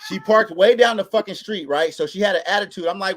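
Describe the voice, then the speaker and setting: A man on a podcast telling a story in a casual, animated, profane way. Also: high-pitched, quick pace, background noise.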